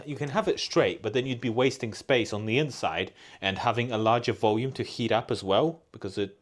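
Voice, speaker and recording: A man hosting a live stream, chatting casually while he builds, rambling and restarting his sentences and laughing often. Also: mid-range voice.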